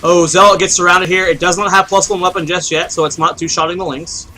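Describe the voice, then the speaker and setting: Guy casting a strategy game solo, bright fairly high voice, chatty, explains every build, faint hum behind. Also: fairly even intonation, quick pace, low-quality recording. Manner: chatty, explains builds, thinks aloud and asks himself questions. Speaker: esports caster. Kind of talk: solo play-by-play commentary.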